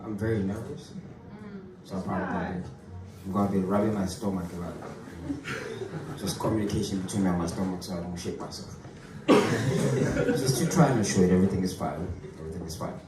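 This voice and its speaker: A young African man with a fairly low voice performs a stand-up comedy set on a comedy club stage, using a put-on British accent. He's chatty and self-deprecating and often restarts his sentences, heard through a far mic in an echoey room with crowd noise.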